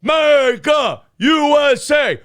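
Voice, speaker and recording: A man's voice: extremely high pitch, expressive, takes it slowly, a bit bright, slight background noise. A man hosting a streamed morning talk show, riffing sarcastically and laughing often.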